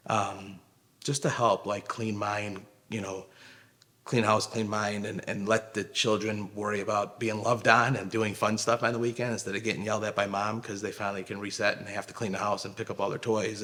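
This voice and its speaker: A middle-aged man, co-founder of a nonprofit, telling a personal story in a halting way with many fillers. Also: fairly low pitch, creaky, fairly bright tone.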